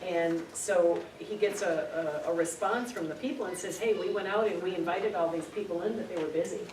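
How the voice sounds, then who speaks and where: A woman's voice: on the low side, fairly quick, a little mellow. A middle-aged woman giving an earnest, storytelling spiritual talk to a group, repeating words for emphasis. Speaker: spiritual speaker. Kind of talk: informal spiritual teaching to a group. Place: meeting room. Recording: echoey room, distant mic, noisy.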